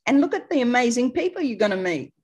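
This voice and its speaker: A middle-aged Australian woman with an Australian accent, hosting a webinar and giving a blunt, emphatic sales pitch over a video call. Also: big pitch swings, fast talker, husky. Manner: blunt, emphatic, talks straight to listeners. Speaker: webinar host.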